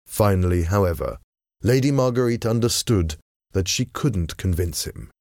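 A man narrating a story in a measured, even reading voice. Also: sits low, no room sound, studio quality.

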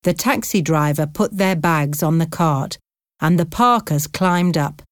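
Slow, clear woman audiobook narrator. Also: low voice, no room sound, studio quality. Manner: slow, clear, carefully paced reading. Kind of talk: scripted narration of a graded reader.

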